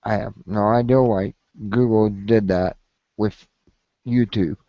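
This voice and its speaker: A man complaining on a casual vlog in a slow, rambling and profane way. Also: fairly low pitch, steady tone, dry recording, highs cut off. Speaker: video blogger.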